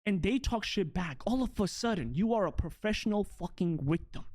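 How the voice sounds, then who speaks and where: A man's voice: high-pitched, lively intonation, moderate pace, a little mellow. A man, a content creator, ranting bluntly and confrontationally in a clip, swearing heavily.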